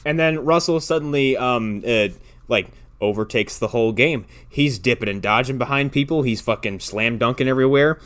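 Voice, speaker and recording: A man's voice: mid-range voice, moderate pace, a bit bright, smooth. A man co-hosting a podcast, recapping a film in loose, profane, rambling chat. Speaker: podcast co-host. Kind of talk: casual movie review chat.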